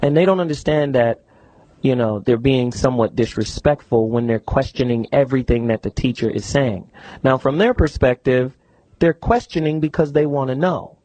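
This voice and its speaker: A middle-aged man hosting a call-in radio talk show, emphatic and lively as he takes callers and repeats the number. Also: medium pitch, moderate pace, dry recording.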